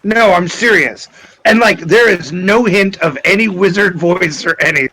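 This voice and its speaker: A man playing a tabletop game, excitable and swearing, slipping in and out of character. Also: high voice, a little slow, rough recording. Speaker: player. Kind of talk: tabletop role-play banter.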